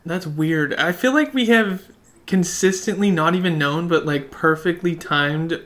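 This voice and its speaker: A man's voice: fairly high pitch, unhurried, fairly bright tone. A man co-hosting a podcast in casual chat, musing and asking questions aloud. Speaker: podcast co-host.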